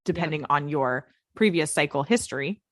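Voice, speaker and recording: A pregnant woman talking in a casual conversation, animated and laughing as she acts out her own past thoughts. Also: deep voice, moderate pace, no echo, studio quality.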